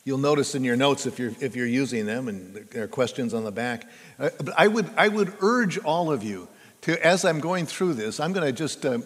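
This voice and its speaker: Older pastor preaching in a reverberant church. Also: male voice, mid-range voice. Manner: halting, repeats words, building to emphatic stresses. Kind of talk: sermon. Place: church sanctuary.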